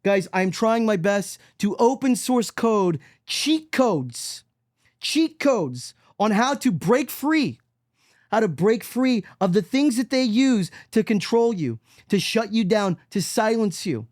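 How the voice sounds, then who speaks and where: A man hosting a solo podcast monologue, preachy and emphatic, swinging between loud mockery and low, quiet intensity. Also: very animated, slow, no echo, studio quality. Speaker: podcast host.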